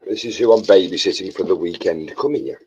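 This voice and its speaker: A man co-hosting a hobby livestream in casual chat, laughing often and talking softly to a dog. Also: deep voice, fairly quick, husky. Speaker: co-host of a modelling livestream. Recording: dull lo-fi stream audio.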